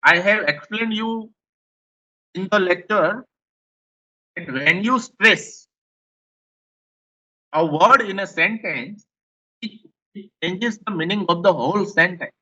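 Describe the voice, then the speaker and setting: Bright-voiced Indian English man lecturing. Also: high-pitched, takes it slowly, long pauses, lo-fi sound. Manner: repetitive, explanatory, rephrases points. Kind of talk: classroom lecture.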